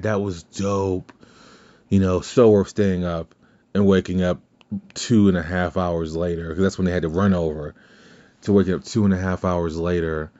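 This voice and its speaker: A man's voice: deep voice, warm tone. A man hosting a podcast in casual chat, rambling and cursing, with many restarts. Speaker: podcast host. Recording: slightly dull lo-fi sound.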